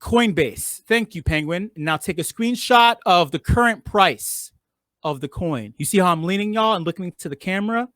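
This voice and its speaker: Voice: mid-range voice, lively intonation, measured pace, fairly bright tone, no room sound, clean studio sound. Swearing, teasing game show host. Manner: playful, teasing, swears freely, stalls by drawing out words. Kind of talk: hosting a live online game show.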